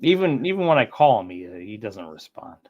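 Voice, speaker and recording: Man, streamer, rambling stories, lively pitch, dull lo-fi audio. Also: a little fast. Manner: rambling storyteller, laughs often. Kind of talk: casual chat on a livestream.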